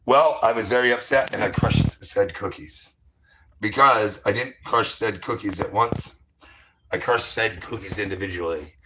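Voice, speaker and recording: Bright-voiced rambling Southern man. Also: on the low side, poor audio. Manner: rambling, profane, repeats "you heard?", trash-talking. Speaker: livestream host. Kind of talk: rambling live-stream monologue and phone chat.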